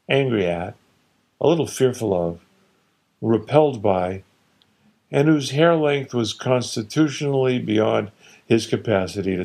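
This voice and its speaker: A man reading his own story aloud in a wry, deliberate, measured way. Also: on the low side, gravelly, a little mellow.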